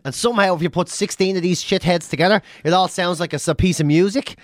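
An Irish man co-hosting a podcast in casual chat, swearing freely and launching into animated rants. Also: high voice, fast, no echo, clean studio sound. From Ireland. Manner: swears constantly, animated rants with mimicked drum sounds. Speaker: podcast co-host.

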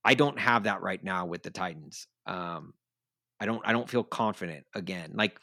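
A man's voice: deep voice, moderate pace, vocal fry, sharp tone, no room sound, clean studio sound. A man co-hosting a casual sports podcast, rambling and laughing as he talks. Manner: rambling, self-deprecating, laughs often. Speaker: podcast co-host.

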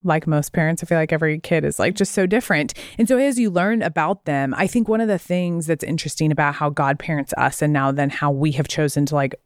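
A woman's voice: low-pitched, fast talker, few pauses, dry recording, clean studio sound. A young adult woman co-hosting a casual parenting podcast, earnest and thinking aloud in long sentences. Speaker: podcast co-host. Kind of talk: casual chat.

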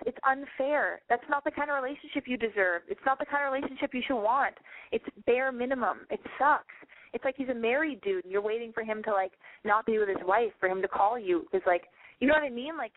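A woman's voice: a little high, fairly quick, dry recording, narrow, tinny audio. A woman hosting a call-in advice radio show, blunt and profane, ranting at callers and mimicking them in squeals.

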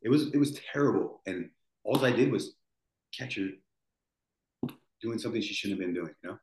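A man's voice: fairly low pitch, expressive, normal speed, darkish tone. Rambling man in his forties, echoey room. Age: 40s. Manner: rambling, repeats words, restarts sentences. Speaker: podcast guest. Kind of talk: emotional storytelling. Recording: roomy echo.

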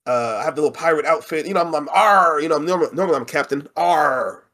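Brief: male podcast co-host, casual storyteller, animated and jokey, a touch high. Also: fast. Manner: animated storyteller, laughs often, relaxed slangy talk. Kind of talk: casual chat.

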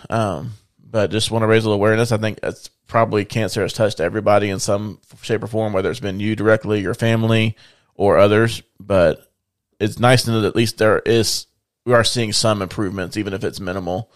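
A man co-hosts a podcast and walks through news in a steady, informative way. His voice is fairly low and the sound is dry and close. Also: a little fast, no echo. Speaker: podcast co-host. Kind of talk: casual chat sharing news.

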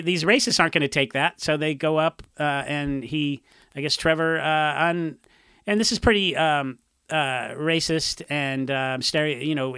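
A man's voice: on the high side, bright, forceful tone, smooth, dry recording, studio quality. A man, a punk musician, chatting casually and rambling through stories with many restarts and fillers. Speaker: punk musician discussing a song. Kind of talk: casual chat.

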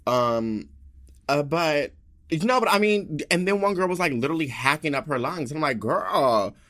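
Sassy man ranting in casual storytelling. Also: mid-range voice. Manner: sassy, dramatic, swearing, animated asides. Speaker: podcast host.

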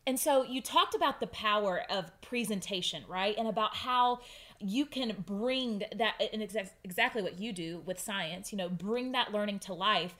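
A woman's voice: mid-range voice, moderate pace, a bit bright. A woman co-hosting an interview, engaged and asking follow-up questions. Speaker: co-host. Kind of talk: casual interview chat.

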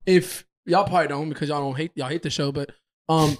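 A man's voice: a little high, fairly even intonation, brisk. A man co-hosting a podcast, chatting casually in a laid-back way full of slang. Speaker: podcast co-host. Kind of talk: casual chat.

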